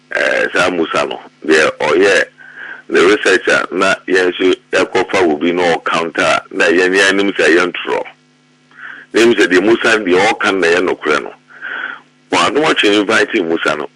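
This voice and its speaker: A middle-aged man with a Ghanaian accent, speaking in heated commentary about his party. His voice is very bright and cutting, a little low in pitch, and the sound is close and dry. When he gets worked up he repeats words fast. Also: no room sound, poor audio. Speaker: political party member.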